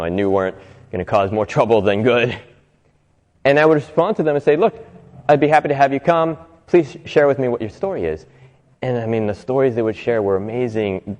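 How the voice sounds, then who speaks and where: A man's voice: medium pitch, darkish tone. A man hosting a reflective motivational talk, telling stories in an earnest way and briefly acting out the people he quotes. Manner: earnest, acts out quoted voices, laughs often. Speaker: host giving a motivational talk. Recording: long reverb.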